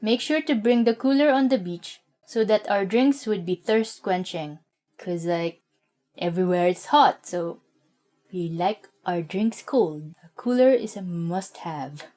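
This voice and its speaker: A woman teaching vocabulary in a relaxed, chatty way, adding personal comments between the example sentences. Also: medium pitch, unhurried. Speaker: language teacher. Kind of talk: casual vocabulary lesson.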